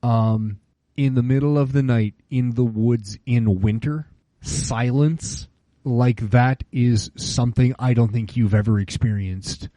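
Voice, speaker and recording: A man in his late forties chatting casually on a podcast, telling stories and acting out quotes in higher voices. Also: a little slow, dark tone, no echo. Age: 40s. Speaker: podcast co-host. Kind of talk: casual chat.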